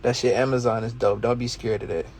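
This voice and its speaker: A man's voice: mid-range voice, little pitch movement, fast, a little mellow, slight background noise. A man hosting a casual livestream, talking in a slangy, streetwise, motivational way and laughing often. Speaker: livestream host, reselling coach.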